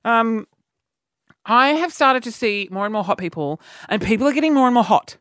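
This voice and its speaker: A man tells a comedic story in a rambling, animated way, full of fillers and asides. He records in a studio, and the sound is close and dry with no room echo. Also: very high-pitched, normal speed, clear, resonant tone. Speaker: podcast host. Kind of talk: comedic monologue.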